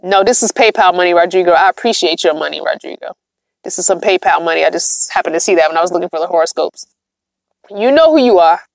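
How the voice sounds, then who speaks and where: A woman's voice: fairly low pitch, fast talker, gravelly, no echo, studio quality. A middle-aged woman, chatting on a livestream with viewers, tired and yawning, emphatic and repetitive. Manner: chatty, emphatic, repeats herself. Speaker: vlogger hosting a livestream. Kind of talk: casual livestream chat with viewers.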